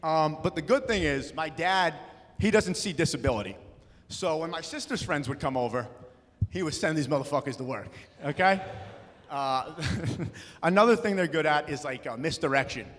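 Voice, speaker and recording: A young man doing a stand-up comedy set, loud and punchy, slipping into acted-out voices. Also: a little high, animated, moderate pace. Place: comedy club stage. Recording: live room with long reverb.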